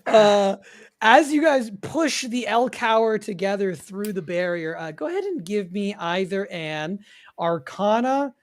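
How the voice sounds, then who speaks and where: A game master narrating a tabletop fantasy game in a measured, descriptive way, with frequent pauses. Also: medium pitch, expressive. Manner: descriptive, measured, pausing often.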